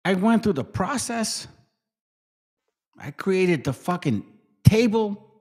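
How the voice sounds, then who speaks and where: A man hosting a casual livestream chat, rambling, swearing freely and trailing off into quiet mutters. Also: high voice, very animated, takes it slowly, slightly rough. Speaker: livestream host.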